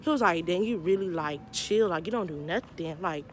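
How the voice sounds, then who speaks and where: A woman's voice: on the low side, fairly quick, few pauses, a little hiss or hum. A young woman tells a casual storytime, animatedly acting out both sides of the dialogue. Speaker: vlogger telling a personal story.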